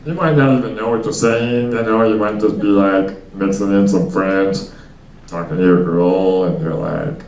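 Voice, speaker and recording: A man's voice: low-pitched, normal speed, a little mellow, a little hiss or hum. A young man doing a stand-up comedy set, rambling loosely with lots of fillers and chatting with the crowd. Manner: rambling, loose delivery with many fillers and asides. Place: comedy club stage before a small audience. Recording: echoey room, miked from a distance.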